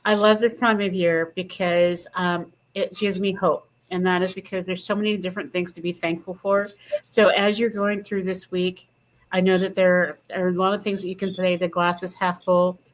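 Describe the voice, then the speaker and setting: A woman's voice: lowish voice, flat delivery, moderate pace. A woman co-hosting a talk show, speaking earnestly and gratefully in casual chat. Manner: warm, earnest and appreciative. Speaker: co-host.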